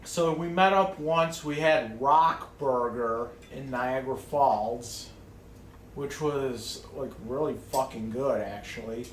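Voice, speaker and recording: A man's voice: mid-range voice, slow pace, reverberant, slight background noise. A man ranting casually to camera in a rambling way, swearing often and restarting his sentences. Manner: rambling, profane, many restarts and fillers. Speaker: vlogger.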